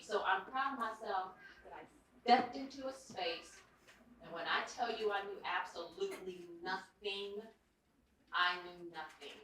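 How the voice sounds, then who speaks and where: A woman's voice: mid-range voice, measured pace, a bit bright. An older woman, a children's book author, telling an emotional, chatty story and taking audience questions. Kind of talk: casual talk and audience Q&A. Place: large indoor event hall. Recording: echoey hall from far off, audible room noise.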